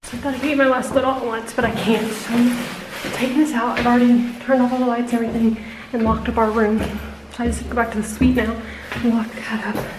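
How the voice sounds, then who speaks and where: Chatty high-voiced young woman vlogging. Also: level tone, fast talker, noisy background. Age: college age. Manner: rambling, chatty, laughs when embarrassed. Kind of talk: casual vlog.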